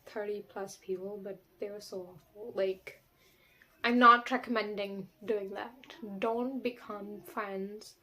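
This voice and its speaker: A young woman rambles through a candid talking-to-camera vlog. Her voice sits a little high. She is sassy and blunt, swears without a second thought, and leans on fillers as she goes. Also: fairly bright tone. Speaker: vlogger.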